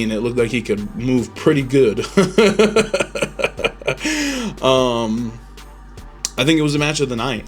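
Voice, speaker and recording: A man hosting a podcast, giving rambling, opinionated reactions in casual chat, full of ums and restarts. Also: medium pitch. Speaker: podcast host.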